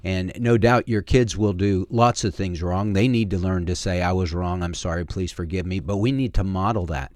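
A man's voice: low voice, moderate pace, few pauses, darkish tone, no echo, studio quality. A middle-aged man hosting a talk radio show as a pastor, speaking earnestly in a folksy way with plenty of filler words. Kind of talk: casual talk radio with preaching. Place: radio studio.

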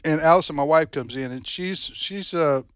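A man's voice: fairly high pitch, moderate pace, clean tone, dry recording. Teasing male radio co-host, dry. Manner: chatty and teasing. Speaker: radio talk show co-host. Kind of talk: casual on-air banter. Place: radio studio. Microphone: studio microphone.

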